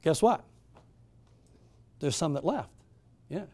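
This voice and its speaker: A middle-aged man hosting and moderating a town hall tells a story to a live audience slowly, in a slightly high, dark voice with lively intonation. He leans on emphatic rhetorical questions and restarts often.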